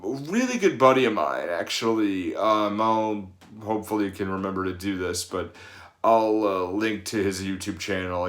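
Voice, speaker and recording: A man's voice: fairly low pitch, a bit bright, reverberant. A man in his thirties, a personal trainer, giving casual advice in a rambling way with many fillers and restarts. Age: 30s.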